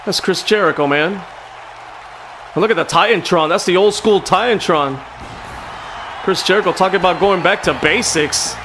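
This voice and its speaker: A man hosting and commenting on a wrestling video game in a casual, excitable way, often calling people "man". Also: sits high, moderate pace, long pauses, a crowd in the background, background noise. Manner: excitable, frequent "man", shouts at the action.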